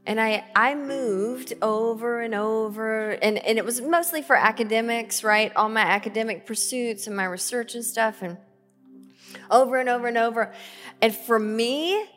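A woman's voice: on the high side, moderate pace. A woman in her thirties, a pastor, preaching a sermon in a church, reading scripture with emphasis and telling personal stories in a conversational way. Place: church sanctuary. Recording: reverberant hall with soft band music. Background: soft band music.

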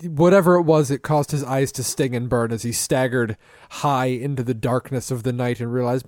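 A man's voice: medium pitch, steady tone, moderate pace, a little mellow, no room sound, studio quality. A man co-hosting a comedy podcast, playful and goofy, spinning silly stories. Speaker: podcast co-host.

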